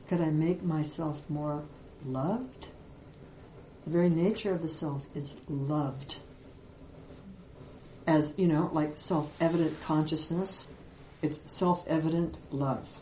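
A woman spiritual teacher giving a reflective Vedanta talk, with many pauses and fillers. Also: deep voice, fairly even intonation, warm tone, roomy sound, slight background noise, rough recording.

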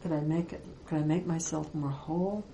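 Woman spiritual teacher, low and mellow, reflective and pausing, recorded in a roomy space with faint background noise. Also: steady tone. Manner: reflective, with many pauses and fillers. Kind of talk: Vedanta teaching talk.

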